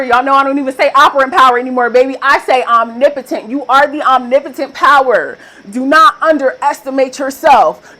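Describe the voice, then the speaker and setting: A woman's voice: high voice, fairly bright tone, low-quality recording. A young woman talking straight to her viewers in a motivational vlog, repeating emphatic affirmations, casual and profane. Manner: casual, direct address to viewers. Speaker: manifestation coach.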